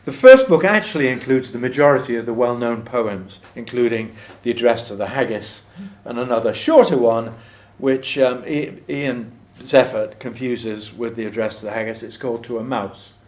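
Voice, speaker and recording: A man's voice: mid-range voice, moderate pace, hardly any pauses. Man giving a dry, joking folk club talk. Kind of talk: talk with poetry recitation to a live audience.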